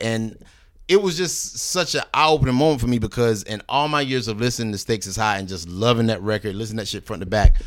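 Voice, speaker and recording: A man from North Carolina, a guest rapper, telling animated stories in a casual interview, swearing freely and acting out what others said. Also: on the low side. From Greensboro, North Carolina. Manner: animated storyteller, swears freely, acts out quoted people.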